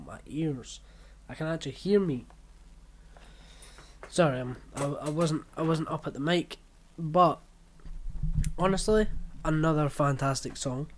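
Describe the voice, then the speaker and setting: A man's voice: medium pitch, slight background noise. Young man giving blunt song ratings. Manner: blunt, offhand rating of songs in short bursts. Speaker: music reaction vlogger. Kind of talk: casual music reaction commentary.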